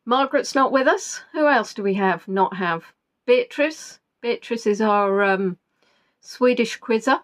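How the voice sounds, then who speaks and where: A woman's voice: a little high, expressive, unhurried. A woman hosting a live quiz, chatting casually and rambling with self-deprecating asides. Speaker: quiz host. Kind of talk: casual live-stream chat.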